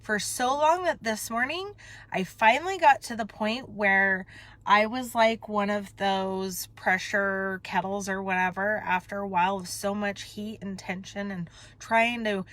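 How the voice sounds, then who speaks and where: A woman speaking into her phone from a parked car, confessional and raw. Her voice sits at an ordinary middle pitch. She rambles, corrects herself and trails off as her emotions rise. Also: unhurried, fairly bright tone, no echo. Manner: emotional, rambling, self-interrupting. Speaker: vlogger. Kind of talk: candid confessional chat.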